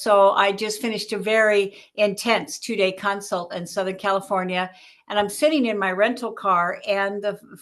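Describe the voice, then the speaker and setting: Lively woman author telling stories. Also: mid-range voice. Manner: animated storyteller, acts out quotes. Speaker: author and guest. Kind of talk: podcast interview storytelling.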